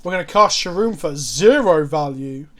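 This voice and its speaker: A man from England giving casual, profane, excitable commentary while streaming a card game. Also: a little high, moderate pace. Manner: swears a lot, excitable, sarcastic.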